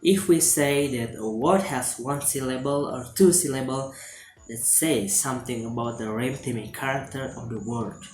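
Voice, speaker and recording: Man reading a phonology lesson in an echoey room. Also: medium pitch. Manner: reads steadily from a script, with some halting restarts. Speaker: student presenting a class assignment. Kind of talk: read-aloud lesson presentation. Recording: roomy echo with faint music behind.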